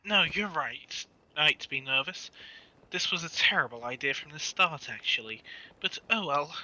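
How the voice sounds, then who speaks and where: A man reading the part of a monotone, deadpan woman mage librarian. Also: fairly high pitch, moderate pace, highs cut off. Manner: flat, deadpan delivery. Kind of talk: casual fan story reading.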